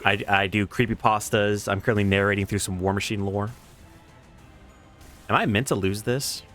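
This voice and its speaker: A man's voice: fairly low pitch, moderate pace, soft background music. A young man with a Southern US accent, casually joking and swearing through live gameplay commentary. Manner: joking, swearing, bursts of excited laughter. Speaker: streamer.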